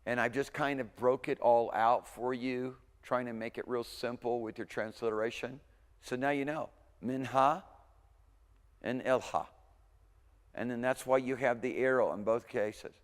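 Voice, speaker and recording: A man giving a language lecture, chatting casually, sounding out words slowly and often checking in with okay. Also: medium pitch, big-room sound. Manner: conversational, repeats words slowly for pronunciation, frequent okays. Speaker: Hebrew instructor. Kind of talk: recorded university lecture.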